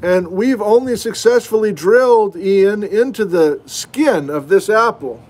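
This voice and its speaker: A middle-aged man with a fairly high voice talks through a relaxed geology lesson streamed from his house. He chats easily and folksily, and he pokes fun at himself as he answers viewers. It sounds like a webcam or desk mic in a home room. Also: unhurried. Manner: chatty, folksy, self-deprecating asides. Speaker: geology instructor hosting a livestream. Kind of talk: casual livestream lesson answering viewer questions. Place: at home, indoors.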